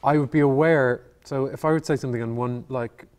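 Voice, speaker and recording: Man, mid-pitched voice, stage actor in a Q&A, hesitant and reflective storyteller. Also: fairly even intonation, darkish tone. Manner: halting, thoughtful, circles back on words. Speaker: actor as interview guest.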